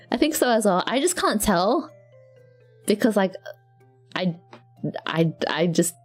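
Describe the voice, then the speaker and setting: A young woman with an Australian accent rambles casually through a live stream chat. She laughs often and restarts her sentences, and soft music plays behind her. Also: medium pitch, big pitch swings, slow pace. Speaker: vtuber streamer.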